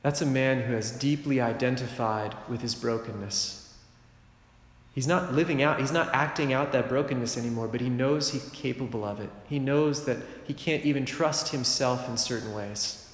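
A middle-aged man delivers a sermon in a relaxed, conversational way, slipping in joking asides and quick rhetorical checks on his listeners. His voice sits at an ordinary male pitch. It rings out with a long, roomy reverb like a large church. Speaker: preacher.

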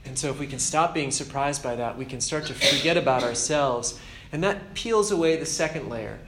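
A man's voice: medium pitch, expressive, normal speed, very noisy. A man giving an informal, earnest spiritual talk as a preacher, conversational and self-deprecating. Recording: roomy echo with faint ambience.

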